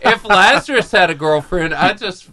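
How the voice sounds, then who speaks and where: A man co-hosting a radio talk show, teasing his co-host with quick comebacks. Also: high-pitched, lively intonation, bright, forceful tone. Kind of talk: joking studio banter.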